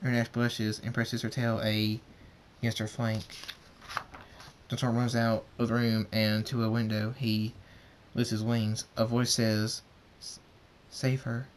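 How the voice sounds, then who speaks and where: A man's voice: on the low side, monotone, a little slow, a little hiss or hum. A man reading a fan story aloud, stumbling and repeating words as he narrates. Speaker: fan fiction reader.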